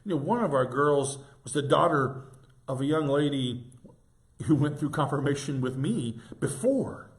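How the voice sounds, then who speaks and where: A man in his sixties, a pastor, giving an informal devotional reflection in a tender, halting way with gentle restarts. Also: fairly high pitch, expressive.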